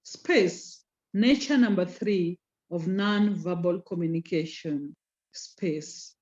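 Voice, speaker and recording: A woman teaching a class online, slowing down to stress key terms and teasing students by name. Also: lowish voice, a little mellow. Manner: code-switches into Swahili, teasing students by name. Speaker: communication skills lecturer. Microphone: video call. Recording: lo-fi video call audio.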